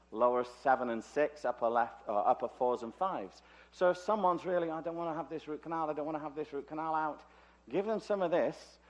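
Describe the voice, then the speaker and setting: A man's voice: fairly high pitch, lo-fi sound. A man from Liverpool with a British accent, lecturing at a conference with chatty, joking asides. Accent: British English. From Liverpool, England. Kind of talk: conference talk. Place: conference hall.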